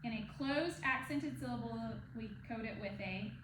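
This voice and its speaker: A woman's voice: a little high, normal speed. A woman teaching a one-on-one reading lesson, patiently checking in with the student. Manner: patient, checks in with "okay?" and "right?". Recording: echoey room with noise.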